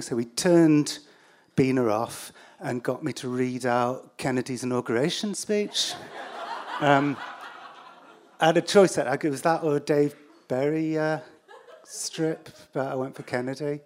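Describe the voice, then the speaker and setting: A man's voice: mid-range voice, a little mellow, slight background noise. Wry Englishman telling a story live. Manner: wry, self-deprecating, halting with fillers.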